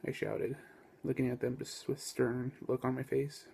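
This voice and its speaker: A man reads his own first-person novel aloud at an even pace. His voice is gravelly and husky, mid-pitched for a man, and he keeps the storytelling steady. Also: measured pace. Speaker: author reading his book.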